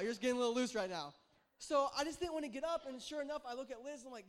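Young pastor guy, kinda high voice, jokey and chatty sermon. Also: racing. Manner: conversational, joking, animated storytelling.

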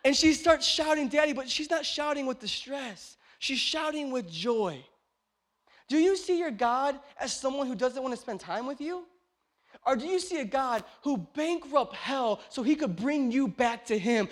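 Pastor, male, thirties, high voice, sermon that swings from shouting to quiet chat. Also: animated, moderate pace. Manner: swings from shouting to hushed, conversational storytelling. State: tired, short on sleep.

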